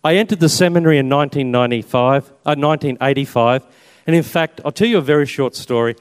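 Australian priest telling stories in a hall. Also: male voice, mid-range voice, quick pace, smooth. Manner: chatty storyteller with self-mocking humour. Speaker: Catholic priest and army chaplain. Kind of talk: personal testimony talk with slides. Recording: long reverb in a hall.

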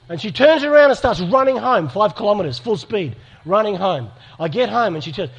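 High-sitting and breathy at the edges, a middle-aged man's voice is animated and brisk, with few pauses. He delivers an earnest, story-filled sermon to a live audience, acting out dialogue along the way.

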